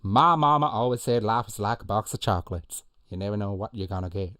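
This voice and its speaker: A man voicing an earnest, simple-hearted grown man, with a slow drawl. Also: fairly low pitch, animated, a bit bright, clear, resonant tone, no room sound, clean studio sound.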